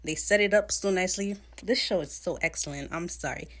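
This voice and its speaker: A woman casually recapping a TV episode, blunt and profane, jumping into quick character voices as she retells scenes. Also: fairly low pitch, fairly bright tone. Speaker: podcast host recapping a TV episode.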